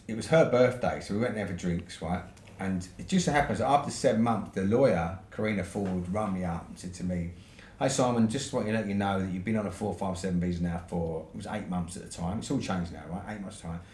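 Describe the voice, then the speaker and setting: British bloke, podcast guest spinning a casual yarn, swears a lot, lowish voice, echoey room. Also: male voice. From United Kingdom. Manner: swears freely, ends points with "right?". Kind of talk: casual storytelling. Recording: roomy echo with faint noise.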